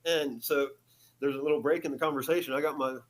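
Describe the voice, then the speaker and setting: A man's voice: a little high, steady tone, quick pace. A man, a podcast guest, telling a story in a casual way, chuckling often and saying "you know" a lot.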